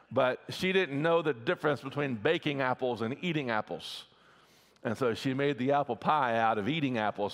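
A middle-aged man preaching a sermon as pastor, folksy and often checking in with the congregation. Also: medium pitch. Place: church sanctuary. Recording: long reverb of a church hall.

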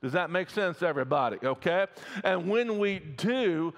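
A man's voice: sits high, animated, normal speed. A middle-aged man preaching a sermon as pastor, folksy and often checking in with the congregation. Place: church sanctuary. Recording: long reverb of a church hall.

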